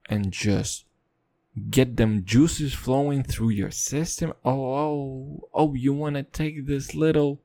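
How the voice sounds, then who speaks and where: A man's voice: fairly even intonation, slow, mellow. A young man, a comedian and native Russian speaker, who rambles through a silly, profane comic rant. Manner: rambling, profane, silly, with sudden jumps in pitch.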